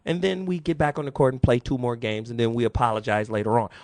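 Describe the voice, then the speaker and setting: A man's voice: medium pitch, quick pace, dry recording. A man in his forties hosting a radio talk show, telling a story with lots of laughter. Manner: animated storyteller, laughs often.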